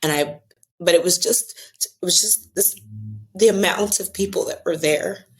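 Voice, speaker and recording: A woman's voice: fairly low pitch, moderate pace. A woman with an American accent telling a personal story in a casual podcast conversation, acting out the voices of the people she quotes. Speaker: guest author.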